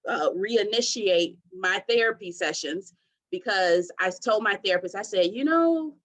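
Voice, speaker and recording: Woman guest in her 30s from Detroit. Expressive, faith-centered storytelling, mid-range voice. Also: medium pitch, unhurried, poor audio. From Detroit, USA. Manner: expressive, testimony-style storytelling. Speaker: podcast guest. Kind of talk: faith-centered interview talk.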